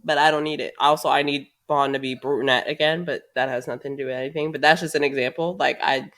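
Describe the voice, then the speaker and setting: A woman's voice: a bass voice, steady tone, fast talker, a bit bright. A woman co-hosting a podcast in casual chat, blunt and outspoken, swearing freely. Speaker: podcast co-host.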